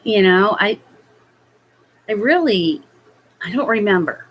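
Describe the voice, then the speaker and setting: A woman telling a personal childhood story in a hesitant, halting way, full of fillers. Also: medium pitch, animated, husky, rough recording. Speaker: vlogger.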